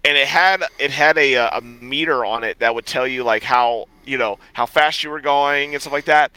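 A man's voice: medium pitch, normal speed, bright, forceful tone, clean tone, no echo, poor audio. A man co-hosting a casual podcast who tells stories animatedly, acts out the people in them, swears and laughs often. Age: adult, past college. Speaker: podcast co-host. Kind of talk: casual chat, storytelling.

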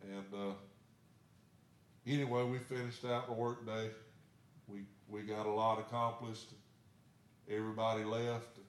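A man's voice: fairly low pitch, level tone, a little slow, long pauses, echoey room. A man, a pastor telling a story in a sermon in a plain, folksy way. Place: church sanctuary.

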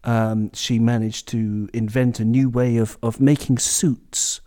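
A man with a medium-pitched, steady, mellow voice speaks slowly. He's a podcast host leading a casual football chat that rambles and drifts onto tangents, recorded indoors during a storm with traffic outside.

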